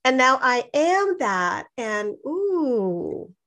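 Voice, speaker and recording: A woman, co-hosting a podcast and telling her stories in a lively, emphatic casual chat. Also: high-pitched, drawn-out words. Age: 50s. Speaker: podcast co-host.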